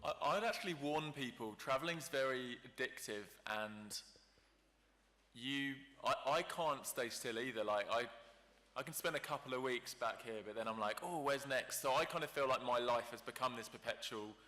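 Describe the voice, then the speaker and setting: Bright-voiced male panelist in a hall. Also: mid-range voice, moderate pace. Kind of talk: live panel discussion. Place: large convention hall. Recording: reverberant convention hall.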